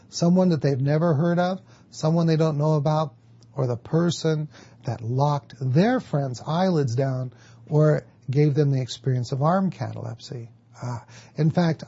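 Husky man teaching hypnosis technique. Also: on the high side, warm tone, highs cut off. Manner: explanatory, asks and answers his own questions. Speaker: hypnotherapy instructor. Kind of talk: teaching lecture.

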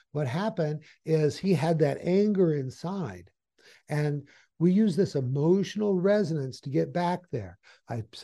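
A male hypnotist explains his methods through a client story, chatty and full of rhetorical questions. His voice sits fairly high for a man yet sounds very dark and mellow. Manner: conversational, repetitive, asks rhetorical questions. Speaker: hypnotist and trainer. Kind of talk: storytelling training lecture.

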